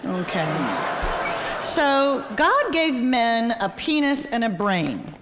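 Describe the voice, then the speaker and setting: A woman telling quick, sassy jokes on a live radio show. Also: on the high side, big pitch swings. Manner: brisk, punchline-driven, sassy. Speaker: radio actor. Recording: long theatre reverb, faint noise.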